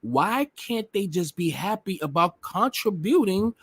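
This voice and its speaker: A man's voice: high voice, lively intonation, measured pace, fairly bright tone, breathy edge, no room sound, studio quality. A man hosting a live online interview, casual and chatty, often murmuring agreement. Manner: casual, agreeing with short backchannels. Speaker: host of an online interview show.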